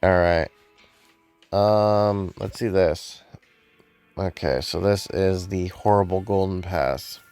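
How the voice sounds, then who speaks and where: A man casually commenting on a game he is playing, relaxed and hesitant with many fillers, sounding sleepy. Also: low voice, slow, pauses often, soft background music. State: sleepy, yawning. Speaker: gameplay video host.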